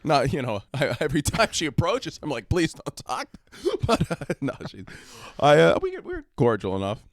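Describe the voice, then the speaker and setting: A young man co-hosting a comedy podcast, joking and animated in casual chat. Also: a little high, normal speed, dry recording, studio quality. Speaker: podcast co-host.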